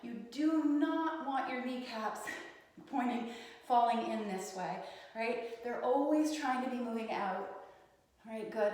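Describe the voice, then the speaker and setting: A woman teaching a yoga class, giving calm, encouraging cues and often asking "right?", a little out of breath as she demonstrates the poses. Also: on the high side, a little slow. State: slightly out of breath while demonstrating. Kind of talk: guided yoga class instruction. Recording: echoey hall, voice from far off.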